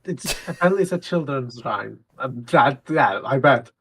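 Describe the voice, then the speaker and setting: A man's voice: mid-range voice, animated, normal speed, a little hiss or hum. A man co-hosting a casual live stream, making dry, teasing remarks. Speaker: co-host of a tabletop wargaming stream.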